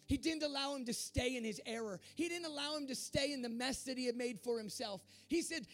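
A preacher giving an animated sermon, retelling a story with emphatic repetition. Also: high voice, a little fast, few pauses.

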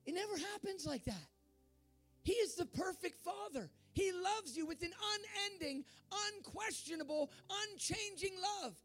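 A man preaching a sermon in a fervent way, at times rising to shouts. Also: very high voice, animated, unhurried, soft background music. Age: adult.

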